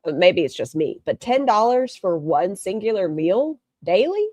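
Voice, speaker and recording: A woman's voice: medium pitch, big pitch swings, moderate pace, mellow, no room sound. A woman hosting a reaction stream, commenting in a sarcastic, mocking way.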